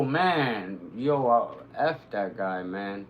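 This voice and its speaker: A man streaming live, commenting on his gameplay, who bursts into excited, cursing shouts at the action. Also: medium pitch, a little slow, narrow, tinny audio, a little hiss or hum. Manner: excitable, swearing, shouting reactions to the game.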